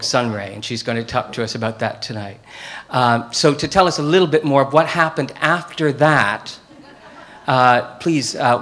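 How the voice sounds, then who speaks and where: A man hosting an event, reading an introduction aloud in a measured way with frequent hesitations. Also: medium pitch, fairly bright tone. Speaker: event host.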